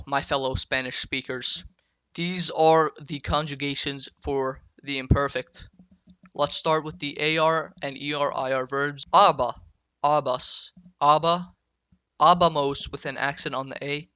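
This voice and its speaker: A man giving a school-style grammar lecture, spelling out verb endings slowly and telling viewers to write them down. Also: medium pitch, level tone, pushed and bright, clean tone, no echo, low-quality recording. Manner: slow, deliberate, spells out endings, asks viewers to take notes. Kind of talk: student-made lecture video.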